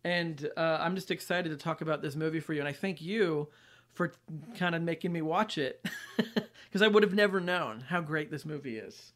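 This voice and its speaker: A man with a fairly high voice co-hosting a podcast. He talks in a loose, casual way and says "like" constantly while he thinks aloud about movies. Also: normal speed, a bit bright. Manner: casual, filler-heavy with many likes. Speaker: podcast co-host. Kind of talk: casual film discussion.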